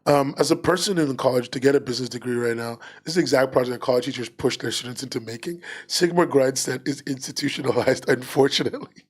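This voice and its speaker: A man's voice: mid-range voice, fast talker, few pauses, slightly rough. A man co-hosting a livestreamed podcast in casual chat, rambling with lots of fillers and restarts. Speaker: podcast co-host.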